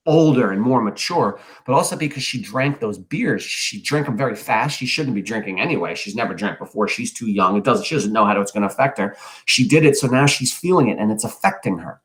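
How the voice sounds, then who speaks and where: A man's voice: medium pitch, fairly bright tone. A man teaching a class, reading a novel aloud and stopping often to explain it, ask questions and comment earnestly. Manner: earnest, occasionally loses his place.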